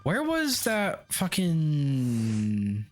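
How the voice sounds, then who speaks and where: A man's voice: a little high, huge pitch swings, drawn-out words, faint music behind. A man streaming a video game, chatting casually and profanely with his viewers in a rambling, joking way. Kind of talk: casual live-stream chat while gaming.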